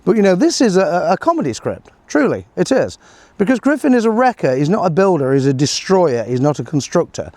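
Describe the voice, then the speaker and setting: A man's voice: high-pitched, very animated, brisk, a little mellow, no room sound. A middle-aged man giving a sarcastic, rambling political commentary, full of fillers and chuckles. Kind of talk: casual solo commentary.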